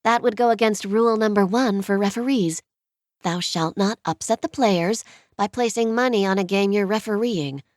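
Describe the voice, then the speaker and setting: Brief: sarcastic professional woman, quick tart comebacks, voiced by the female narrator. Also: medium pitch, no echo, clean studio sound, natural voice. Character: sharp-tongued young professional woman.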